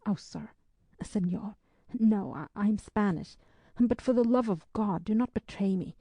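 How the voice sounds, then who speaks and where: A woman reading the part of an anxious young Spanish woman traveller, hesitant and nervous, in a dry, mellow voice. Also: medium pitch, a little slow, breathy edge, no echo.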